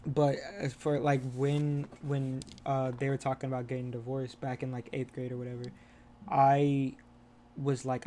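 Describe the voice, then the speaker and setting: A man's voice: medium pitch, flat delivery, moderate pace, mellow, slight background noise. Young man talking candidly and profanely. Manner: rambling, profane, restarts often. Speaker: podcast co-host. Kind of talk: casual candid chat.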